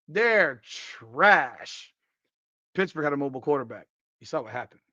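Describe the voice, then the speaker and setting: Hoarse guy ranting about football on a live stream, voice a bit high, dry dull lo-fi sound. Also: a little slow, no room sound. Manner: excitable, profane, trash-talking fan. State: hoarse, voice worn out. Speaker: podcast host. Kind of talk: live-stream sports talk reading chat.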